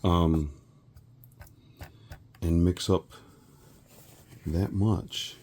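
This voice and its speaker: A man from South Texas chatting casually while he works, a rambling storyteller who often clears his throat. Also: low voice, steady tone, very slow, a little mellow, a little hiss or hum. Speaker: resin crafting vlogger.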